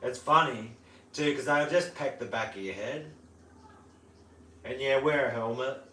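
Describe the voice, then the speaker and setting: A man's voice: medium pitch, measured pace, sharp tone, slight background noise. A man with an Australian accent chatting casually on a livestream, laid-back and slangy, mimicking bird calls. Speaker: livestream host. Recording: roomy sound, mic at a distance, faint ambience.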